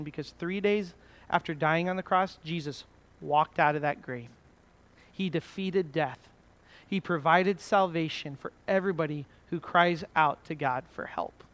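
A man with a notably high voice delivers an earnest sermon to his congregation. He speaks steadily and leans hard into key phrases, building to emphatic peaks. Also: a bit bright. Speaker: preacher.

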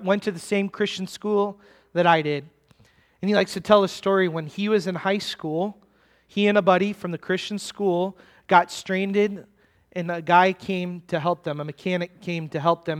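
High-voiced pastor preaching emphatically. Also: male voice, clean tone. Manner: emphatic, slowing down to stress key words; conversational asides to the congregation. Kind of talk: sermon.

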